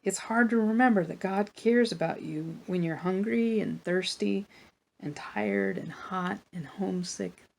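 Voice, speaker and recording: A woman reading a children's Bible story aloud for a church, in a plain, gentle storytelling manner with small asides. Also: mid-range voice, unhurried, vocal fry.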